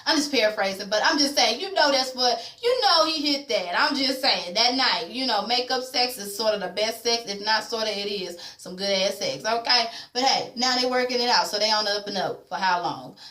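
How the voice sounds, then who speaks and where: A woman's voice: on the high side, lively intonation, a little fast, hardly any pauses, sharp tone. A woman vlogger recapping a TV episode in casual, blunt and opinionated chat with slang. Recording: echoey room.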